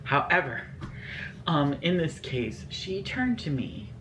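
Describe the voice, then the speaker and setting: A man's voice: on the high side, very animated, slow, fairly bright tone, a little hiss or hum. A man telling ghost stories in a casual storytime vlog, scatterbrained and rambling with lots of fillers. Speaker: vlogger.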